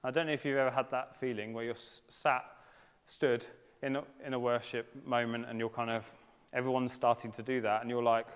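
A man in his thirties delivers a conversational sermon at a mid-range pitch, earnest and lightly humorous. His voice rings out in a large hall and carries a long reverb. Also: little pitch movement, normal speed, clear, resonant tone. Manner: earnest, conversational, with gentle humour. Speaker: preacher.

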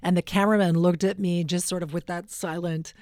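A woman's voice: lowish voice, fairly quick, no room sound. A middle-aged woman, a radio host, telling stories in a casual interview and acting out the voices of the people in them. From Western Canada. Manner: animated, acts out quotes with shifting voices.

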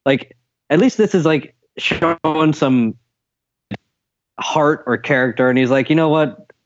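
Dry-voiced podcast co-host on a dull mic. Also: male voice, medium pitch, a little slow, a little hiss or hum. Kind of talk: casual TV recap chat.

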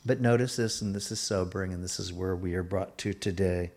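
A man's voice: low-pitched, steady tone, a little fast, darkish tone. A male pastor preaching a sermon in an emphatic style, pressing his listeners and shifting his pace.

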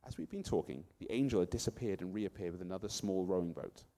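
A man narrating a first-person story in an expressive way. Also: deep voice, fast talker, long reverb tail.

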